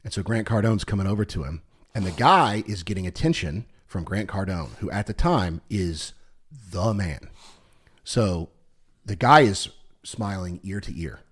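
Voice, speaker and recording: A man with a slightly low voice talks loosely on a podcast, piling up "like" fillers and restarting his sentences. When he gets into a story he picks up energy and animation. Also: measured pace, slightly rough. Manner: rambling, lots of "like" fillers and restarts; animated when retelling stories. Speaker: podcast co-host. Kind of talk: casual chat.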